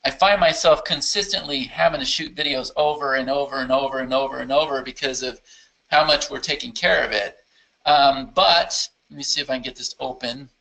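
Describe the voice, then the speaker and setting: A man hosting a casual live Q&A for his software users, answering questions enthusiastically and thinking aloud as he clicks through a screen demo. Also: mid-range voice, low-quality recording. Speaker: software company founder answering user questions.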